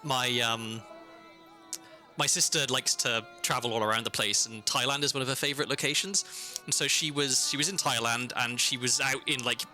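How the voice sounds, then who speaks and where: A young man from South Wales, speaking with his home accent as he streams a game. He rambles casually, stumbling over his words and looping back on himself. His tone is bright and sharp, with faint music in the background. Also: medium pitch, fairly even intonation, moderate pace. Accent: South Welsh. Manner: rambling, self-interrupting storyteller. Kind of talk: casual chat while playing a game.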